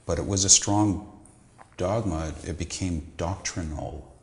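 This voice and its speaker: A middle-aged man, a psychiatrist, giving measured, lecturing answers in an interview. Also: deep voice, roomy sound. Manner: measured, lecturing, with occasional restarts. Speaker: psychiatrist guest.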